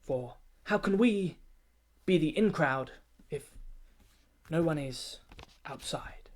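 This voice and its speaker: A pompous, snobbish poetry gatekeeper, as a man puts him on, declaiming rhymed verse with grand self-importance. His voice sits a little high, measured and rhythmic like an official giving a briefing. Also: animated. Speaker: comic poet. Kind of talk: comic rhyming spoken-word satire.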